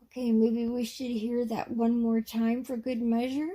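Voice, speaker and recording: A woman's voice: fairly high pitch, level tone, a little slow, warm tone. A woman hosting her channel, giving casual, indignant commentary. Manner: indignant, scolding. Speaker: channel host.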